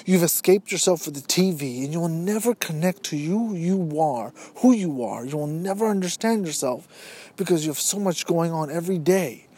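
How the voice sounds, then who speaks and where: Podcast host, motivational monologue, rhetorical questions, addresses listeners directly, mid-pitched voice. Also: animated, normal speed, warm tone, husky. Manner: acts out imagined everyday dialogue.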